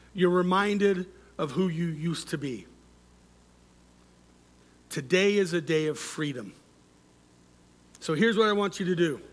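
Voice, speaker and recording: A male pastor preaching a sermon, leading the congregation in call-and-response and letting his phrase endings fall soft and quiet. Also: sits high.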